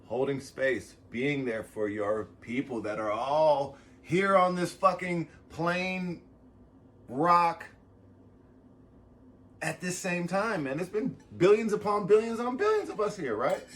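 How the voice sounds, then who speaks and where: A man's voice: fairly high pitch, takes it slowly. Profane, rambling man near tears. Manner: profane, rambling, swings between loud bursts and soft asides. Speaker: vlogger. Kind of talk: casual motivational monologue.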